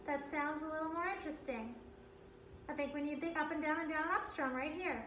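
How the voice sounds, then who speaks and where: A woman's voice: high-pitched, fairly quick, noisy background. A woman music teacher leading a group guitar lesson over a video call, upbeat and encouraging as she explains strums step by step and counts in. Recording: roomy sound with guitar playing.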